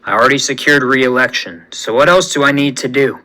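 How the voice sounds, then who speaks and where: A man's voice: mid-range voice, fairly even intonation, a little fast, sharp tone, pitched below the performer's own voice, lightly acted, rough recording. A man voicing a gloating, villainous male president in a menacing, sneering manner.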